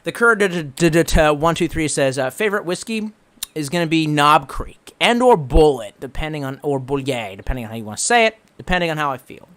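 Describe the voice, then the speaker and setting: Sarcastic, lively-voiced young man. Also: a little high, fast talker, smooth. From Washington DC metro area, US. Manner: profane, sarcastic, rambling. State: getting drunk. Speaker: streamer reading chat. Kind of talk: casual live-stream chat.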